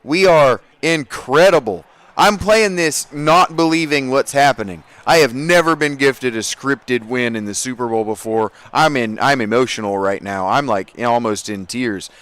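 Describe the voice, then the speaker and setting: A man giving casual, profane commentary over a football video game, swinging from low muttering to loud excited outbursts. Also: moderate pace, no room sound. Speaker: gaming streamer.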